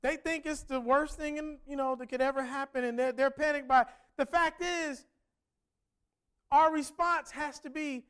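A man with a very high voice delivers a conversational sermon at a moderate pace. He speaks in a relaxed, everyday manner, peppering the congregation with rhetorical questions.

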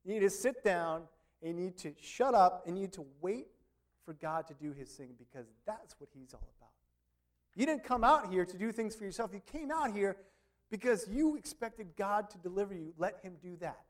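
A man voicing a blunt ancient leader who talks firmly and casually, telling frightened people to calm down. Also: high voice, normal speed, voice pushed up.

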